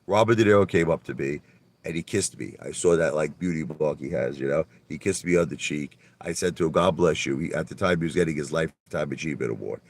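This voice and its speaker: A man hosting a livestream, telling boastful stories in a brash, animated way, often stammering and repeating his words and swearing a little. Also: rumbling low, quick pace. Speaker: livestream host. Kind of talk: casual livestream monologue.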